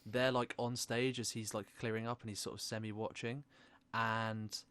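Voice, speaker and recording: A man co-hosting a podcast, talking about a film in a relaxed, hesitant way. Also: lowish voice, moderate pace, smooth, no echo. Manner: relaxed, hesitant, says "like" often. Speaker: podcast co-host. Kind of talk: casual film discussion.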